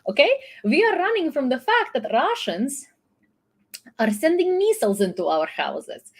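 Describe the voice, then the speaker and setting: A woman's voice: a little high, big pitch swings, unhurried, slightly rough. A young woman from Ukraine, chatting loosely through a news recap with fillers and restarts. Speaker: YouTube news host. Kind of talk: casual news commentary.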